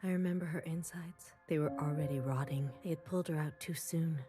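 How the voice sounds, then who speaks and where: A woman voicing a haunted game character who recalls obsessive creation in a quiet, introspective, half-whispered way. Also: low voice, steady tone, brisk, natural voice. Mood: brooding. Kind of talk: video game voice acting. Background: game music.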